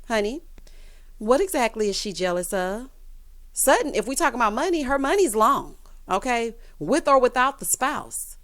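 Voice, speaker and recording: A woman giving casual, sassy recap commentary on a reality TV episode, calling viewers honey and y'all. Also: mid-range voice. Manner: sassy, animated, quotes others in voices.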